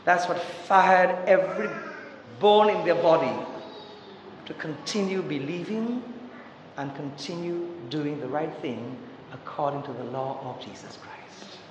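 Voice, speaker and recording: A man preaching a Catholic sermon with passion, asking rhetorical questions and swinging between loud urgency and hushed tones. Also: a little high, animated, unhurried, background noise. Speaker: Catholic priest. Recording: echoey church with long reverb.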